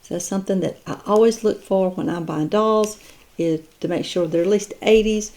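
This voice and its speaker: Mellow-voiced chatty woman collector. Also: mid-range voice, normal speed. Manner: chatty, admiring, thinks aloud with fillers. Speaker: doll collector vlogger. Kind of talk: casual unboxing chat.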